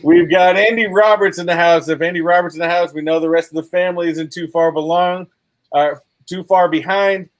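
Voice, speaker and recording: A man's voice: high-pitched, steady tone, brisk, no echo. Chatty man hosting a livestream. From Boston. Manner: rambling shout-outs, filler-heavy. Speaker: livestream host. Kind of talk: casual livestream chat.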